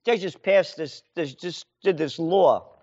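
A man's voice: fairly high pitch, measured pace, darkish tone. A man hosting a radio show, delivering a sarcastic, theatrical satirical rant. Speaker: radio host. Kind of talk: satirical rant with a sung parody. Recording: dull lo-fi sound.

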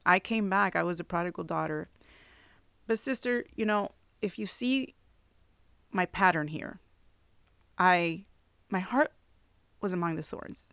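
Earnest lady doing her faith podcast, low-ish voice, lots of "you know", dry mic. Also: measured pace, gravelly, long pauses, fairly bright tone, clean tone, no echo. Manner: earnest and heartfelt, many "you know" fillers. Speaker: podcast host.

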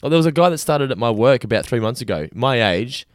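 A man's voice: mid-range voice, expressive, fast talker, no room sound, studio quality. A man co-hosting a casual podcast, enthusiastic and casually swearing. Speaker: podcast co-host.

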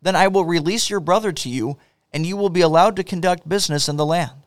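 A man's voice: high-pitched, fast talker, dry recording, clean studio sound, close to an everyday voice. A man reading the lines of guilty, earnest brothers in a scripture story, in his own voice. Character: guilt-stricken brothers, adult men.

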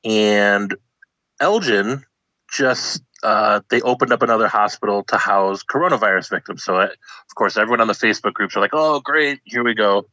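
Bright-voiced man telling a comic story. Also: on the low side, moderate pace, no room sound. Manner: animated, acts out voices of people in the story. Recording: dull lo-fi dry recording.

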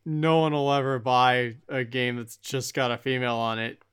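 A man's voice: medium pitch, fairly even intonation, moderate pace, fairly bright tone, clear, resonant tone. A man co-hosting a casual podcast, mostly listening and adding short, laid-back reactions. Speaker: podcast co-host. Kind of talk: casual chat.

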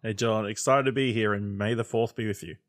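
Man, podcast co-host, casual chat, wry, easygoing, lowish voice. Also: steady tone, fairly quick.

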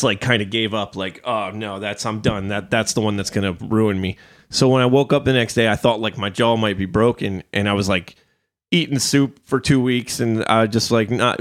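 Rambling, swearing man telling stories. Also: on the low side. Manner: rambling storyteller, swears freely. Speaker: podcast host. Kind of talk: casual chat.

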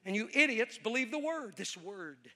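A man's voice: high voice, very animated, moderate pace, bright, forceful tone, big-room sound, exaggerated voice. A preacher voicing an angry, contemptuous male atheist passenger who rants and growls. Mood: scornful.

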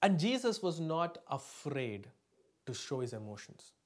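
Male pastor, slightly higher voice, emphatic sermon delivery with call-and-response and loud-soft swings. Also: big pitch swings, measured pace. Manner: emphatic, often asks the congregation for replies. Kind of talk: sermon to a live congregation.

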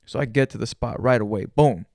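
A man hosting a solo podcast, telling a story in an animated, profane, slangy way with Spanish words mixed in. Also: mid-range voice, fairly quick, creaky, dry recording, studio quality. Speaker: podcast host. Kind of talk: casual storytelling monologue.

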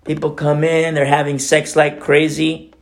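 Gravelly man preaching a casual sermon. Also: a little high, moderate pace. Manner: animated, swinging from emphatic outbursts to hushed near-whispers. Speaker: pastor. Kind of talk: conversational sermon.

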